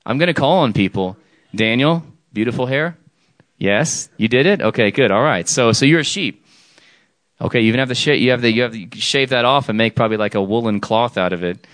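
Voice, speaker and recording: A man's voice: medium pitch, animated, fairly quick, a bit bright, no room sound. A man preaching an informal sermon, talking with the audience, checking in with "okay?" often and restarting his sentences. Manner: chatty, frequent "okay?" and restarts, jokes with audience.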